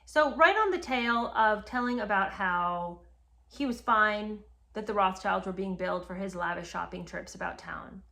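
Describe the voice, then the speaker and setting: A woman's voice: medium pitch, moderate pace, creaky, pushed and bright. A woman hosting a history podcast, retelling events and reacting with indignation while talking straight to her listeners. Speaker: podcast host. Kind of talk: animated history commentary.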